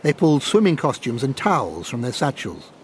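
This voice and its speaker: A man reading a story aloud as an audiobook narrator, with expressive storytelling delivery. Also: a little fast, slight background noise. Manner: expressive reading, voices characters in high put-on tones.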